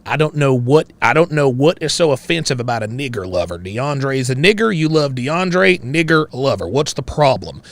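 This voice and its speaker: A man voicing a bigoted, stern middle-aged backwoods father with a slow, drawling rural Southern accent and a lecturing manner. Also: medium pitch, very animated. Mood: stern, interrogating. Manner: lecturing, interrogating, self-righteous. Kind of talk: improvised character voice on a livestream.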